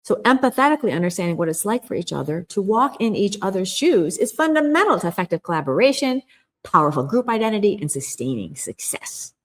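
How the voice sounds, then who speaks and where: A woman's voice: medium pitch, sing-song, fast talker. A middle-aged woman guest on a podcast interview, explaining a communication skill in an earnest, emphatic way and acting out quoted inner voices.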